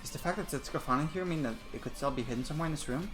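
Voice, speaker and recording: A man's voice: a little high, very fast, fairly bright tone, soft background music. A man playing a story game who reads its dialogue aloud in a plain voice and drops blunt asides of his own. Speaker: let's player.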